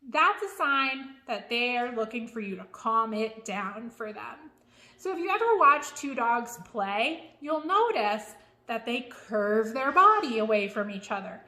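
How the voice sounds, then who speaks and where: Bright high-voiced woman dog trainer. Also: lively intonation, a little slow. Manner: frank, chatty, emphatic. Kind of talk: instructional video.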